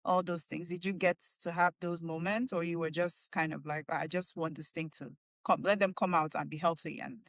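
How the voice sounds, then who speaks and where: A woman's voice: on the low side, fairly even intonation. A woman hosting a podcast interview, affirming her guest and echoing back what she hears. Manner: affirming, quick to laugh and echo the guest. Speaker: podcast host. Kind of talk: casual interview.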